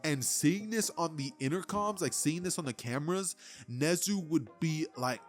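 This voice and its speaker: A young man tells an anime what-if story in a loose, chatty way, leaning on fillers. His voice sits slightly high, with faint music running underneath. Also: lively intonation, brisk. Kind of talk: casual fan story narration.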